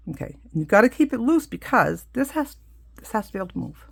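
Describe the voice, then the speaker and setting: A woman's voice: a little high, very animated, quick pace, creaky, husky. A middle-aged woman casually demonstrating a craft, chatty and full of asides as she works. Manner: chatty, explains hands-on with many asides. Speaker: craft teacher.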